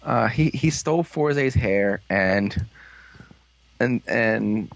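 A man in casual fan chat on a podcast, rambling with halting restarts and acted-out quotes. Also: lowish voice, animated, gravelly, no echo. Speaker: podcast co-host.

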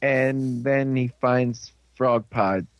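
A man's voice: mid-range voice, fairly even intonation, very slow, no echo, muffled recording. A man chatting casually, retelling a TV episode in a rambling way and slipping into characters' lines. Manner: rambling, dips into quoted voices. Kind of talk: casual chat, recapping a TV episode.

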